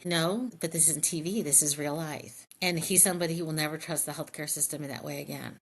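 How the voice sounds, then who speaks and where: A middle-aged woman with a fairly low voice speaks as an interview guest. She tells candid, animated stories and acts out the quoted back-and-forth. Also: fairly quick, few pauses. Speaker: health plan president, guest. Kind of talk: conversational interview storytelling.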